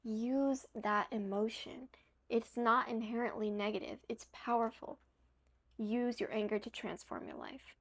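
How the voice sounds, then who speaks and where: A woman's voice: a little high, a little slow. A young woman talking straight to the camera, giving earnest, emphatic motivational advice and sometimes correcting herself mid-word; she sounds a little tired. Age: young adult.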